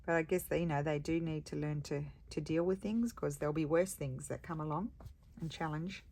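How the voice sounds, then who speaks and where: A woman's voice: low voice, fairly quick, mellow. A middle-aged woman chatting casually and rambling about her day while she works on a craft project. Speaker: craft video host.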